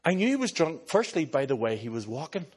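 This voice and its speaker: A man with an Irish accent, a pastor preaching a sermon and telling stories in an animated way, slipping into other people's voices. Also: a little high, fast talker, husky. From Ireland.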